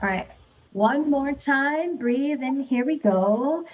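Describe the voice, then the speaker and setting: A woman's voice: high-pitched, animated, slow pace, muffled recording. A woman leading an online group speech class, encouraging her students as she coaches them through rhythm drills.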